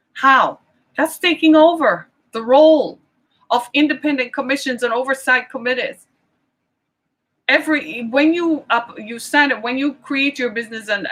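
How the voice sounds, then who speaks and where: Middle-aged woman vlogger, fired-up indignant rant, higher bright voice. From Michigan. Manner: indignant, rhetorical questions, exasperated. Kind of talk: impassioned political rant.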